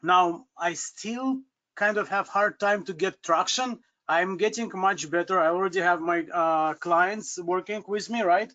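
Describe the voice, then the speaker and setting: A man calls in to ask his question, hesitant and full of fillers. His voice sits high and bright, and the call audio is dull and lo-fi. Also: measured pace. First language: Russian. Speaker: caller, new business coach.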